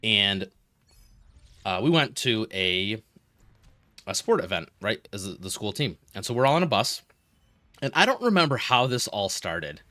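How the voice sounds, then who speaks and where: A man streaming a game, chatting casually with viewers and telling rambling, animated stories between moves. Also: on the low side, measured pace, pauses often, no echo. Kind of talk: casual gaming stream chat.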